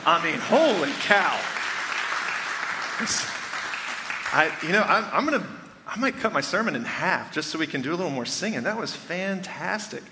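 A man's voice: a little high, very animated, normal speed, long pauses, crowd noise, background noise. A man in his thirties, a pastor giving a conversational, storytelling sermon, chatting and joking directly with his congregation. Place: church sanctuary before a congregation. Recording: long reverb of a large church hall.

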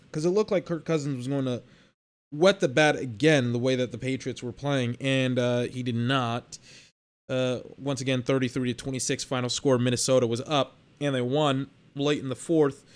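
A man's voice: mid-range voice, steady tone, normal speed. A young man hosting a sports podcast, talking in a casual, blunt monologue with exasperated, slangy rants. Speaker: podcast host.

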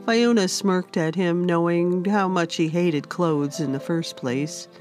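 Slow gentle woman reading a fantasy story. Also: on the low side, soft background music. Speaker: author and narrator. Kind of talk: storybook narration.

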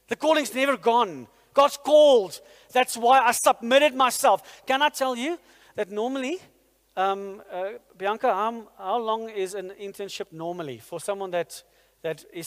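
A man preaching a sermon in a church, energetic and firing rhetorical questions at the congregation. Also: extremely high pitch. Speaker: pastor. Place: church hall. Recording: long hall reverb in a church.

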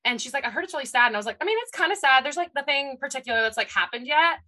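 Brief: young female podcast co-host, bright and upbeat, slightly high voice, lively storyteller. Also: very fast, rough recording. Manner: animated, laughing storyteller. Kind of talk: casual chat.

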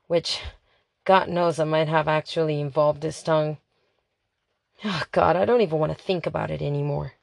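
A woman's voice: medium pitch, a little mellow, dry recording. A woman reading a first-person diary as an audiobook, chatty, dramatic and exasperated. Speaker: audiobook narrator.

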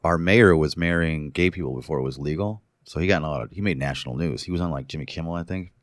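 Deep-voiced man in loose, profane chat. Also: fast, dry recording, studio quality. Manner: loose, profane storytelling with laughs. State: hungover. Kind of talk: casual chat.

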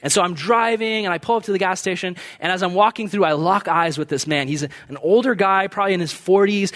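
A man's voice: high-pitched, fast, fairly bright tone. A young adult man preaching a sermon as a pastor, telling stories in a conversational way and acting out the voices of people he quotes.

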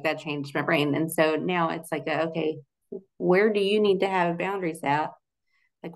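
A young adult woman in a casual interview, talking in a chatty, loose way with many "like" fillers and frequent laughs. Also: low-pitched. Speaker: guest, Christian relationship coach.

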